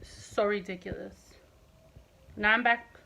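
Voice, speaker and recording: A woman's voice: medium pitch, fairly even intonation, slow pace, creaky, pushed and bright, rough recording. A woman in her twenties speaking to her viewers in a personal vlog, impassioned and emphatic, repeating points for stress. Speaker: vlogger.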